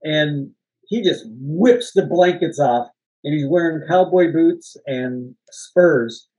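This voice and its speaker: This co-host's slightly high voice has lively intonation and a darkish tone, and he takes his time; the audio is poor. In casual movie chat, he rambles through behind-the-scenes stories, often laughing and sometimes swearing.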